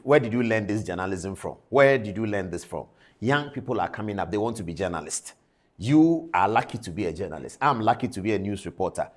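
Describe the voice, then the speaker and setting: A man's voice: mid-range voice, a little mellow. A man speaking as a TV news presenter, delivering impassioned on-air commentary full of indignant, lecturing rhetorical questions.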